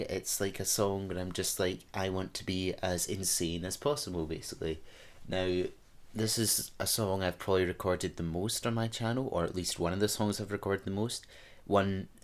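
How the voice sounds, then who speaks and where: Deep-voiced Scottish man rambling. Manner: rambling and self-mocking, with offhand jokes. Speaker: YouTuber ranking his own songs. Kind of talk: casual chat.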